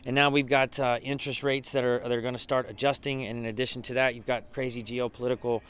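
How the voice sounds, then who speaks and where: A man's voice: mid-range voice, little pitch movement, fast talker, fairly bright tone, smooth. A man who leads a business mastermind group, giving a casual behind-the-scenes recap, with lots of fillers and restarts.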